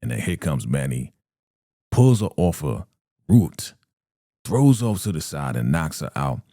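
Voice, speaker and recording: A man's voice: extremely low pitch, very animated, a little slow, warm tone, no echo, clean studio sound. A man doing a casual, slangy recap of a TV episode, retelling it with animation and briefly acting out the characters' lines. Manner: slangy and conversational.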